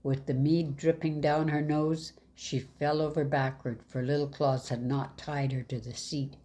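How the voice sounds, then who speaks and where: A woman reading a fairy tale aloud in an even, measured way. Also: sits low. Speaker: storyteller.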